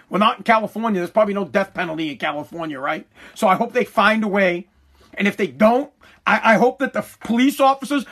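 A man in an angry, profane rant to camera, swearing, repeating himself and sometimes shouting. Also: very high voice. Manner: heated, swearing, repeats words, shouts at times.

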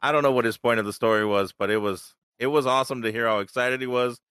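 A man's voice: mid-range voice, steady tone, quick pace, fairly bright tone, clear, resonant tone, no echo, clean studio sound. A man hosting a podcast, chatting casually and upbeat about radio clips. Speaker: podcast host.

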